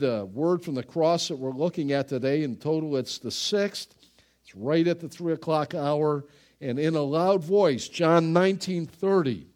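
A man preaching a sermon. He speaks slowly and dramatically and breaks into sudden loud exclamations. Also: on the high side. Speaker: pastor.

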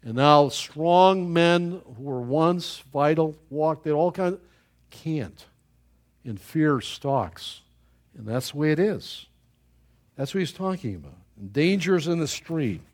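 A man's voice: on the high side, lively intonation. A man preaching a sermon in a folksy storytelling way, chuckling at his own anecdotes and often restarting his sentences. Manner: halting with repeated restarts.

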